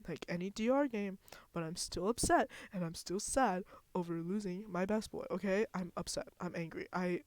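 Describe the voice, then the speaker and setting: A woman streamer who reads game text aloud and reacts with expressive, dramatic outbursts. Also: on the low side, normal speed, dry recording.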